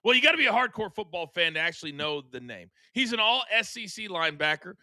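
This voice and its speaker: Male sports talk host, playful and teasing, brightly toned and dry. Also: high-pitched, sing-song, fast talker, dry recording. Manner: playful, teasing, hands out segments.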